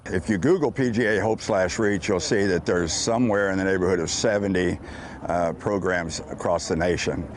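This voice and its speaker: A man's voice: sits low, moderate pace, a little hiss or hum. A man speaking earnestly and plainly about veterans in an outdoor interview on a golf course.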